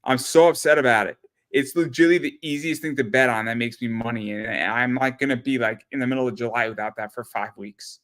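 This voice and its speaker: A man's voice: mid-range voice, fast talker, a bit bright. A man hosting a casual talk show, rambling and swearing, often repeating his words. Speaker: podcast host. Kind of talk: casual chat.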